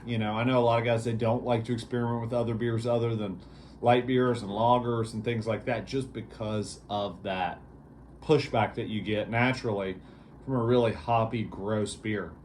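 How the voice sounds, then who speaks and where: A man's voice: on the low side, fairly even intonation, normal speed, a little mellow, a little hiss or hum. Easygoing rambling man reviewing beer. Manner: rambling, easygoing, lots of fillers. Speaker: beer reviewer, show host. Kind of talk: casual vlog review.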